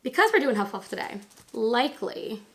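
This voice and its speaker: Hoarse gravelly lady rambling thru a makeup vid, lots of ums and likes. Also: fairly high pitch, big pitch swings, a little fast. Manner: chatty, rambling, lots of fillers. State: hoarse, recovering from laryngitis. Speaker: beauty vlogger. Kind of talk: casual makeup tutorial chat.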